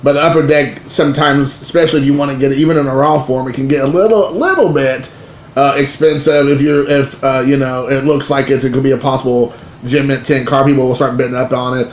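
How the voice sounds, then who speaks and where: Man in his thirties, rambling excitable vlog storytelling, mid-pitched voice, reverberant room. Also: quick pace. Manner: rambling and excitable, with many restarts and fillers. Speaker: card collecting vlogger. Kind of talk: casual storytelling to camera. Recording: echoey room with faint ambient noise.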